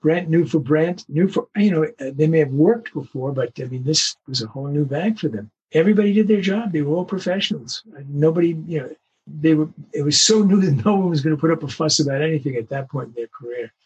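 An older man, a veteran voice actor, telling stories in an interview with lively acted-out quotes. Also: fairly high pitch, brisk, slightly rough, highs cut off. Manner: animated anecdotes, acts out quoted voices. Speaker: voice actor guest. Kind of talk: storytelling interview.

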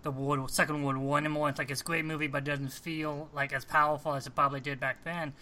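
A man co-hosting a casual talk show about films, animated and often restarting his sentences. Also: fairly high pitch, fast, slight background noise. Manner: animated, restarts often, acts out quoted lines. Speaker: podcast co-host. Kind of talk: casual film discussion.

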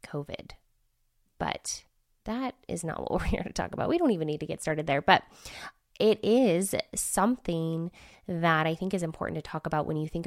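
A woman with a low, slightly mellow voice hosts a solo podcast while sick with a cold, her voice nasal and scratchy. A podcast host and business consultant, she talks in a chatty, candid way with filler words, recorded cleanly in a studio with no echo.

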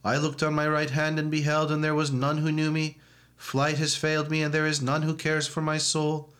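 A man reads the psalms of an evening church service in a level, unvarying monotone. His voice sits a little higher than most men's. The delivery is measured and liturgical, with no rise or fall. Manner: flat monotone recitation, chanting some verses. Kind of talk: liturgical reading and chanting.

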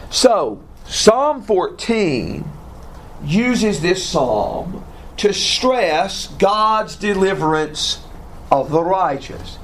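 A man teaching a Bible class, reading passages slowly and deliberately and putting questions to his students. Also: sits high.

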